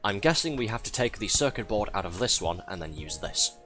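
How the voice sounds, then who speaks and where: Male streamer, low voice, bouncy delivery, flustered and laughing between lines, faint music bed. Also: big pitch swings, brisk, pushed and bright. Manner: flustered, chatty, laughs often. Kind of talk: live gameplay commentary, chatting with viewers.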